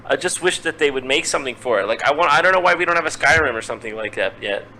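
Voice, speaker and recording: A man's voice: fairly high pitch, expressive, racing, sharp tone, slight background noise, poor audio. A man chatting over a headset call, complaining in an exasperated way and swearing. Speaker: guest on stream. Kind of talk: casual voice chat.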